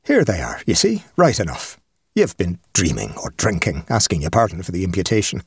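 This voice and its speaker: A man putting on a raw-boned Irish country doctor, Irish accent, husky and dry, brusque and mocking, pitched up and loud, storybook ghost tale. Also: wildly swooping pitch, brisk, no echo, full character voice.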